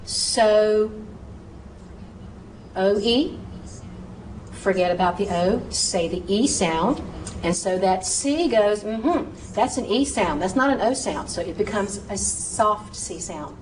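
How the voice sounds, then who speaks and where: A woman's voice: medium pitch, measured pace. Woman lecturer, spells stuff out letter by letter, super patient, roomy echo, noisy in the back. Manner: patient, spells words letter by letter and repeats pronunciations. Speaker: medical terminology instructor. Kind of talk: recorded classroom lecture. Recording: echoey room, mic far off, steady noise.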